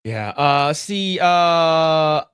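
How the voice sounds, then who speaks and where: A man co-hosting a casual podcast, talking fast and loose, swearing freely and jumping into a higher pitch as he gets excited. His voice sits a touch high for a man. The sound is dry and close, with no room around it. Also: smooth, no room sound. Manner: animated, profane, loud jumps into high pitch when acting out reactions. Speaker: podcast co-host. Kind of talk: casual chat.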